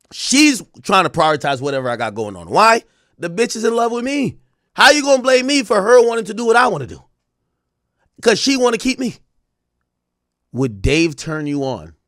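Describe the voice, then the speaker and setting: A young man reacts on a livestream, reading messages aloud with loud, profane mockery. His voice sits a little high and swings widely in pitch. The sound is close and dry, with no room around it. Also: no echo. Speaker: streamer reacting to trial texts.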